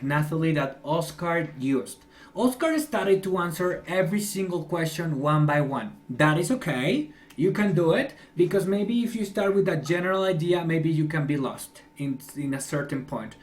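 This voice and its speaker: Young male English teacher, encouraging and chatty, slightly raised pitch. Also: expressive, moderate pace. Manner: encouraging, chatty, laughs often. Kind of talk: online class feedback.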